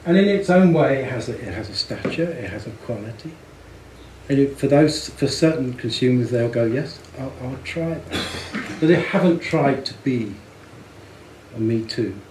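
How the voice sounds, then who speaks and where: A man's voice: mid-range voice, expressive, normal speed, darkish tone, reverberant, slight background noise, low-quality recording. A man giving a presentation on branding, chatty and amused, often repeating words as he thinks. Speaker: speaker on branding and packaging. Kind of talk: presentation to an audience.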